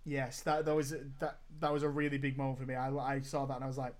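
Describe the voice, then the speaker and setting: A man co-hosts a podcast, chatting casually and enthusiastically about films with lots of emphasis, often repeating words as he starts a sentence. His mid-range voice is completely flat in delivery, and he talks fast with hardly any pauses.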